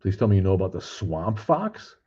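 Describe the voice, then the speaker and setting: A low-voiced older man rambles through a casual livestream, reading comments aloud and swearing bluntly. His voice is husky, and it comes through dull, lo-fi stream audio. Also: big pitch swings, brisk, dark tone. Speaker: livestream host. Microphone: streaming cameras.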